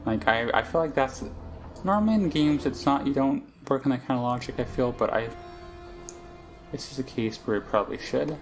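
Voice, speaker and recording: A man's voice: medium pitch, normal speed, faint music behind. A man casually commentating a game he plays, rambling and thinking aloud with lots of fillers. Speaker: let's play host.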